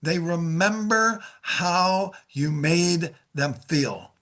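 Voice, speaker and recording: A man's voice: a little high, extremely slow, fairly bright tone. A middle-aged man teaching a sales lesson in an upbeat coaching manner, acting out sample phone calls. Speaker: sales trainer.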